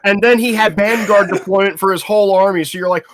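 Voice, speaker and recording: A man chatting casually on a gaming podcast, profane and animated, often laughing as he tells stories. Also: high voice, fast talker. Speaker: podcast host.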